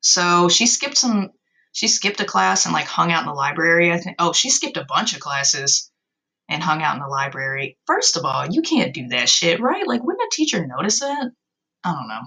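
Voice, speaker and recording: A young woman talks through a story recap in a loose, chatty way, cutting in with sarcastic, profane remarks. Her voice sits fairly low and has a gravelly fry. Its tone is bright and sharp. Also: expressive, moderate pace, rough recording. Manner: sarcastic, swears freely, exasperated asides. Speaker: video host recapping a story. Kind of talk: casual commentary.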